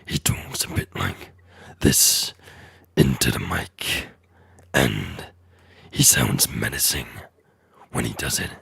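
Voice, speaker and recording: A colossal, menacing male dragon growls each word out in an impossibly low, gravelly rumble. The voice is husky and breathy, and the pace crawls. The sound is dry and close. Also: animated, a bit bright, no echo, exaggerated voice. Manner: drawn-out menacing delivery.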